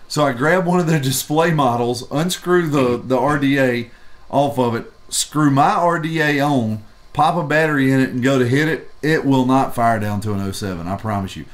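A man's voice: medium pitch, normal speed. A man co-hosting a vape review show, chatting casually and telling a rambling story with profanity. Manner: rambling and profane, acts out quoted people.

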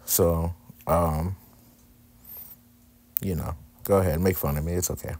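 A man narrates a craft video casually, poking fun at himself as he goes. His voice sits extremely low and deep. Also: fairly even intonation, measured pace, darkish tone, husky. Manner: candid, joking, self-deprecating.

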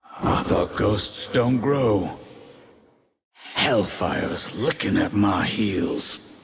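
An actor playing a brooding demon cowboy swordsman in game voice lines, with a low drawling gravelly delivery that breaks into shouts. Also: expressive, extremely slow, in a large hall, exaggerated voice. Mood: grim.

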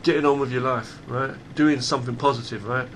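A man's voice: mid-range voice, steady tone, fairly quick, slight background noise. Blunt man ranting. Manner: blunt, emphatic, swears freely; repeats and restarts phrases. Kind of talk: unscripted monologue.

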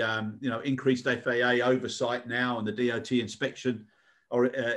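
A British man co-hosts a relaxed podcast conversation at an ordinary male pitch. He talks earnestly. He often repeats a word or two as he gathers his thoughts. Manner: earnest, repeats words as he goes. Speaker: co-host. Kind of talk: casual podcast chat.

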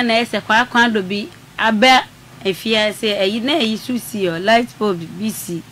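A woman calling a radio show, telling a personal story in an earnest, soft-spoken way. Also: on the high side, a little slow, a little hiss or hum. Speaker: caller.

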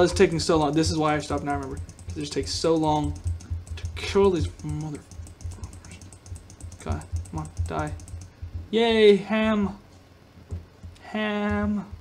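A man's voice: on the high side, gravelly, darkish tone, a little hiss or hum. A young man commentating his gameplay in a goofy, rambling way, talking to himself and to viewers. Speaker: gaming video host.

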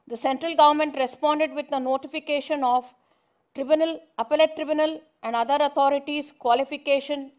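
Middle-aged Indian woman judge, high-pitched, deliberate formal address, reads quotes aloud. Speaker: judge giving a speech.

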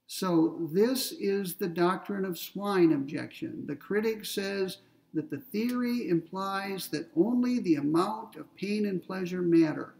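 Man, ethics lecturer, gravelly, step-by-step explanations, distant mic. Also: high-pitched, a little mellow. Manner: explains step by step with everyday examples, checks in with "okay?" and "right?". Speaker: philosophy lecturer.

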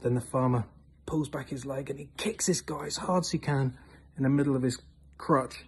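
A man telling a long joke in an animated way, swinging between loud and hushed delivery. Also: mid-range voice, a little fast, slightly rough. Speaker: joke teller.

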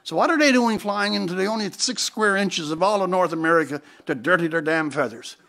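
High-voiced Newfoundland man spinning a witty yarn. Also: animated, brisk, a bit bright. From Newfoundland, Canada. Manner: witty, theatrical anecdote-teller with sudden emphatic asides. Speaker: conference speaker. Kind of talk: humorous storytelling speech. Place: conference hall before a live audience.

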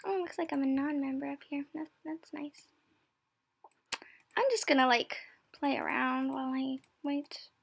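A woman's voice: high-pitched, steady tone, moderate pace, gravelly, pauses often. A girl with new braces chatting casually while she plays an online game, giggling and often dropping to a whisper. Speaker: gameplay commentator.

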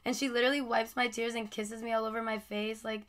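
A woman's voice: a little high, flat delivery, quick pace, a bit bright. A woman in her twenties, a mother talking casually on a podcast with friends, heavy on "like" and "bro". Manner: laid-back slangy talk, many "like" and "bro" fillers. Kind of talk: casual chat.

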